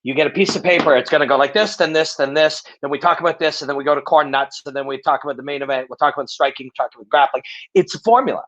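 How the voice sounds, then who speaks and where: A man's voice: a little high, fast, fairly bright tone, muffled recording. A middle-aged man hosting a live Q&A, speaking bluntly and emphatically, cursing freely and restating his points. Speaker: host of a live Q&A show. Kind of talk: casual live Q&A monologue.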